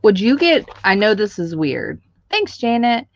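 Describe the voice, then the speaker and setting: A woman's voice: medium pitch, big pitch swings, a little slow, dry recording, dull audio. A woman hosting a live stream, chatting casually with viewers while she crafts, laughing often.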